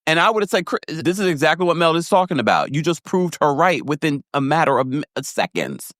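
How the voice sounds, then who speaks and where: A man giving a casual, animated recap of a reality show, laughing often and acting out quotes in a higher voice. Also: fairly quick, no echo, studio quality. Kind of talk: casual commentary.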